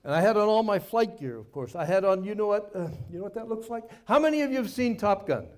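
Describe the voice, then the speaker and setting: An older man giving a speech to a live audience, telling a war story in a folksy, self-mocking way with dramatic pauses. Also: high-pitched, lively intonation. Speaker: guest speaker, former Navy pilot. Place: party venue before a live audience.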